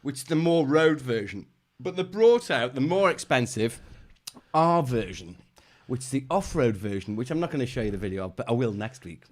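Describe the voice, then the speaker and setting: A man's voice: medium pitch, expressive, moderate pace. A middle-aged man co-hosting a casual live chat show, joking and laughing often. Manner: jokey, teasing, laughs often. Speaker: co-host.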